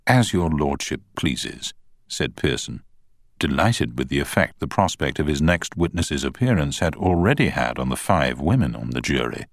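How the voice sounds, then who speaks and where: A man narrating an audiobook with steady, scripted storytelling on a close studio mic. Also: rumbling low, moderate pace, no room sound.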